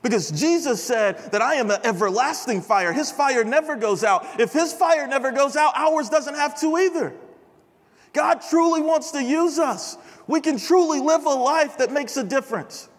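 A young man preaching at a chapel service in a casual, animated storytelling manner. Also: extremely high pitch, moderate pace. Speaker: chapel speaker. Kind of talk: sermon with storytelling. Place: large chapel hall. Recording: reverberant hall.

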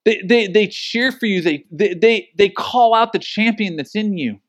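Animated male preacher, higher voice. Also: moderate pace. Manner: animated storytelling with acted-out quotes. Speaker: pastor. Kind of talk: sermon.

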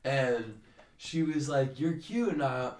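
A young man, a podcast co-host, telling a rambling, animated story in casual chat and swearing freely. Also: mid-range voice, slow. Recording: roomy, distant from the mic.

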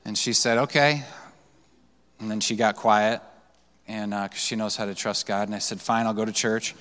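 A pastor with a voice on the low side, a bit bright and at normal speed, delivers a sermon in a church sanctuary. He tells personal stories loosely and conversationally, with fillers and restarts, and the hall adds long reverb.

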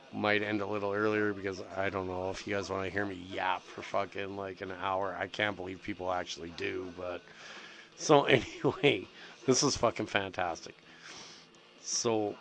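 A middle-aged man with a fairly low, slightly bright voice rambles through stories casually. He swears constantly, restarts often and fills gaps with "like" and "you know."

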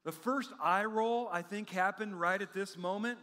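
A man preaching a sermon in an animated, humorous way, acting out quotes from the text. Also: high voice, normal speed. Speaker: pastor. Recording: long hall reverb.

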